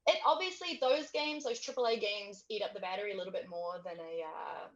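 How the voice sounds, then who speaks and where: A woman's voice: medium pitch, fairly quick. A woman with an accent talks casually as an interview guest, laughing often and trailing off between thoughts. Her voice comes through a video call on headphones, with a dull, slightly muffled sound. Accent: non-native English accent. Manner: giggly, trailing off with fillers.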